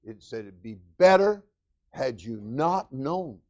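A man preaching a sermon as senior pastor, animated and calling out to his congregation. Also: mid-range voice, slow pace, lo-fi sound. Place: church.

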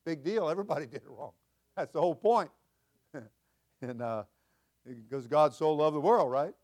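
Older pastor with a folksy chuckle. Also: male voice, fairly high pitch, lively intonation, normal speed. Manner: folksy, chuckling storyteller, rising to loud emphatic peaks. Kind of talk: sermon.

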